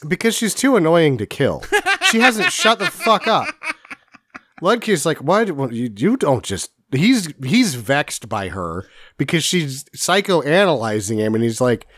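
A man's voice: on the high side, very animated, measured pace, fairly bright tone, no room sound, studio quality. A man co-hosting a casual movie recap, making wry jokes with laughing asides and some swearing. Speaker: podcast co-host.

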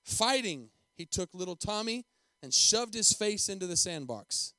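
A man playing an exasperated schoolteacher, brisk and fed up. The voice is raised and fairly high, recorded close with a dry sound. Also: expressive, pushed and bright, no room sound, heavily acted. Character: exasperated schoolteacher reporting a fight.

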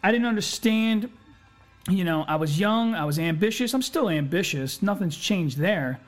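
A man speaks in a high, fired-up voice, swearing constantly as he delivers a blunt motivational monologue. Faint music runs underneath his talk. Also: animated, moderate pace. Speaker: podcast host. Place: home recording setup.

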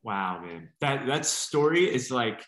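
A man's voice: medium pitch, sing-song, takes it slowly, fairly bright tone, reverberant. A man hosting an interview, asking questions and reacting eagerly. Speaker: interview host. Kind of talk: casual interview.

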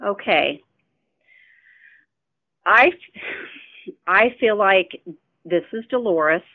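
A woman caller making a halting, accusing complaint over the phone. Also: on the low side, dry recording. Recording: tinny phone line.

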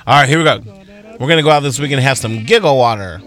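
A man's voice: medium pitch, animated, quick pace, fairly bright tone, faint music behind. A man co-hosting a morning radio show, playfully teaching old slang with a theatrical delivery. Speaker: radio co-host.

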